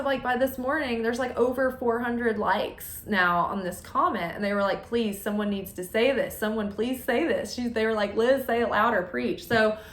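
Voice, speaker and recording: A woman's voice: a little high, fairly bright tone. A woman chatting candidly as a tarot reader while shuffling cards, laughing often. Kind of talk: casual chat while reading cards. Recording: roomy echo.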